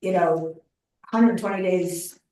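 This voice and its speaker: A woman's voice: on the low side, slow pace, dark tone. A woman on a town board, speaking hesitantly and searching for her words during a meeting. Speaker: board member. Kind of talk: public meeting discussion. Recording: echoey room, mic far off.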